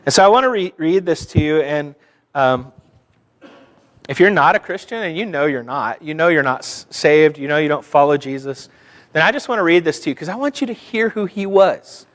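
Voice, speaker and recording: A man's voice: fairly high pitch, animated, moderate pace, fairly bright tone. A male pastor giving a sermon in a church, conversational and self-deprecating, building to fervent exhortation.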